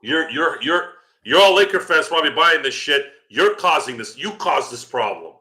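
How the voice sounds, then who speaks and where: A man hosting a podcast, ranting angrily and with heavy profanity, his delivery swinging from a low growl to loud outbursts. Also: sing-song, moderate pace. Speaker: podcast host.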